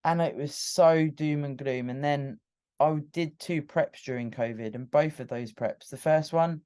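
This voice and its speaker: Candid British woman with a mellow voice. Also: deep voice, smooth. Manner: candid and emotional, with frequent restarts. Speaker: podcast host. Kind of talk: personal storytelling monologue.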